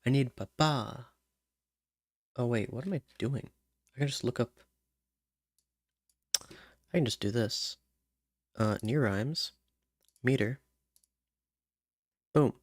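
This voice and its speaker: A man's voice: mid-range voice, slow pace, long pauses. A man thinking aloud while he writes song lyrics, muttering rhyme words and humming placeholder syllables. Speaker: songwriter.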